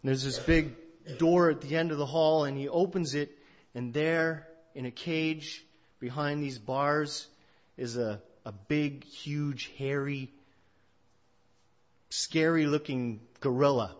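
A male pastor giving a sermon, telling a story in a conversational way that swings between loud and hushed. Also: on the high side, fairly even intonation, unhurried. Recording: dull lo-fi recording.

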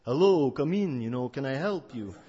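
A man's voice: medium pitch, steady tone, moderate pace, darkish tone, long reverb tail, lightly acted. A man voicing a mysterious male mansion host with an Eastern European accent, courteous but guarded, in a dull lo-fi recording. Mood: guarded welcome.

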